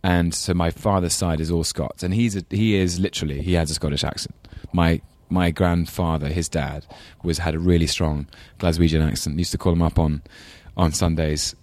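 A man in his thirties with a London accent talks loosely as an interview guest, drifting between thoughts and laughing at his own stories. His voice sits very low. The sound is close and dry. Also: steady tone, normal speed, few pauses, a little mellow, dry recording. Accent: London English. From England. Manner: rambling, self-deprecating, laughs often. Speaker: actor guest. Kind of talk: casual interview chat.

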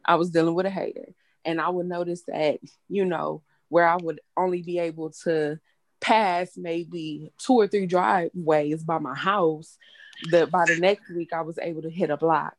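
A woman's voice: on the low side, fairly even intonation, moderate pace, dry recording. A young woman hosting a casual chat, talking bluntly and candidly and swearing freely. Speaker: host.

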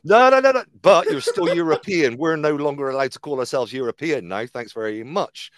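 Hosting a laid-back comedy podcast, a man spins stories and acts out everyone's voices in them. His voice is a little high and slightly fast, captured in a dry recording.

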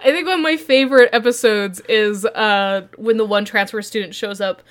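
A woman's voice: medium pitch, moderate pace. A woman co-hosting a podcast in casual chat, retelling scenes and laughing often. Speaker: podcast co-host. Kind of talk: casual chat recapping an anime.

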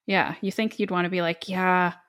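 A woman's voice: on the low side, moderate pace. A woman chatting casually about a book, animatedly quoting the characters. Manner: animated, quotes characters dramatically. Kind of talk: casual chat retelling a book.

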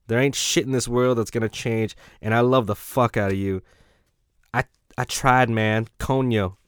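A man voicing a lovesick male prison inmate who writes in street slang and talks loud, emphatic and profane. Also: mid-range voice, steady tone, normal speed, smooth, dry recording, studio quality, lightly acted. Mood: pleading.

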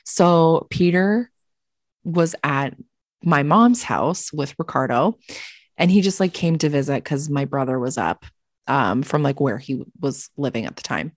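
Podcast lady w a lowish voice, swears a lot, laughs, telling a story, dry mic. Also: unhurried, no room sound. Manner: animated, profane, laughs often. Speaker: podcast co-host. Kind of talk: casual storytelling chat.

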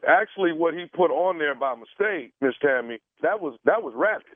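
A man's voice: a little high, lively intonation, normal speed, no room sound. A man making a prank phone call as a radio host, hesitant and stalling with lots of fillers. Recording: tinny phone line.

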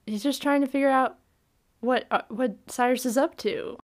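A woman's voice: high-pitched, normal speed. Chatty woman reviewing a film. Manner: animated, laughing, acts out film lines. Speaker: podcast co-host. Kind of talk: casual film review chat.

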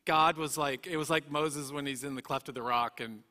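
Earnest male storyteller with a bright, slightly high voice, recorded in an echoey hall. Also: steady tone, moderate pace. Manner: earnest, emotional storytelling with many restarts. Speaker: guest speaker. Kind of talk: personal testimony.

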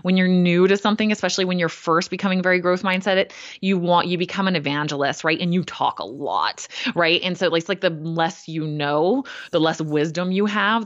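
A woman co-hosting a podcast in casual chat, animated and blunt, swearing casually and acting out what others said. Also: lowish voice, dry recording, dull audio. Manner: animated, swears casually, acts out quoted voices. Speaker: podcast co-host.

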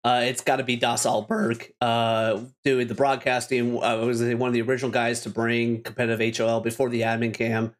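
A man's voice: mid-range voice, level tone, fairly quick, hardly any pauses. A man hosting a casual podcast, upbeat and rambling, laughing often. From Canada. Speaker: podcast host.

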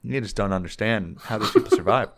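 A man's voice: lowish voice, quick pace. A man in a casual chat with friends, teasing and joking as he quizzes a friend on US states.

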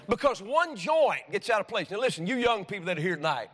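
A man's voice: sits high, big pitch swings, quick pace, few pauses, a bit bright. A male pastor preaching in a church, telling homespun stories that build into fervent preaching. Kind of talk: sermon. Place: church sanctuary. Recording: long reverb of a church hall.

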